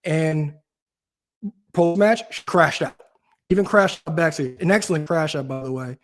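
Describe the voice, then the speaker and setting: A man's voice: a little high, moderate pace. A man hosting a casual talk show, ranting animatedly with frequent restarts. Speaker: podcast host. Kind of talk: casual chat.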